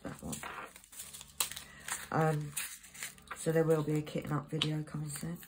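A woman's voice: low voice, monotone, unhurried, noisy background. A woman hosting a crafting channel, chatting in a rambling way and reading out codes as she works. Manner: rambling, chatty, reads out codes while working. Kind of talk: casual crafting chat. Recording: loud crinkling of packets behind.

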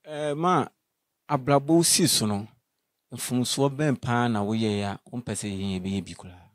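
A man's voice: medium pitch, unhurried, no echo, studio quality. A man from Ghana interviewing an elderly woman, asking questions with hesitant restarts and brief acknowledgements.

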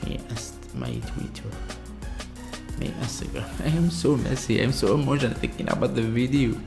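A man from Algeria with an Algerian accent, reacting to a video in awed, halting English with many exclamations. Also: medium pitch, wildly swooping pitch, vocal fry, over music. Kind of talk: casual reaction commentary.

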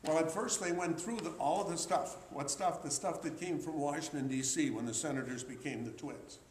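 An older man in his sixties tells chatty, rambling stories to a live audience. His voice sits a little on the high side for a man. The talk is picked up in a roomy, echoing hall with a faint hiss underneath. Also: fairly quick, darkish tone. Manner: chatty, rambling storyteller with frequent restarts and uh's. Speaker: memorabilia collector giving a talk. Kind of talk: anecdotal storytelling talk to an audience.

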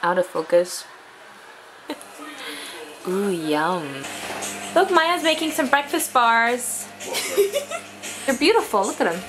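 Giggly high-voiced young woman vlogging. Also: slow pace, pauses often, background noise. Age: young adult. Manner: bubbly, giggly, high and lively. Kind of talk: casual vlog chat. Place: student flat, indoors and around town. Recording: loud background music.

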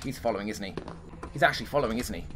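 A man's voice: on the low side, expressive, rapid-fire, background noise. A man giving live commentary over his own gameplay, thinking aloud and swearing at the game in exasperation. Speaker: gaming commentator. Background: game music.

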